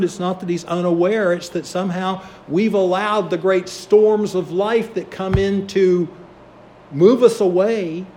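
A man's voice: high-pitched, dark tone, a little hiss or hum. A man preaching a sermon, telling a story and acting out the voices of its people. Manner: storytelling, acts out quoted voices.

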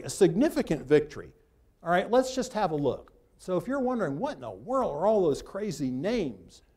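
This man's voice is on the high side with a darkish tone. He leads a Bible class, reading passages aloud and then wandering into loose, restart-filled asides while pointing at a map.

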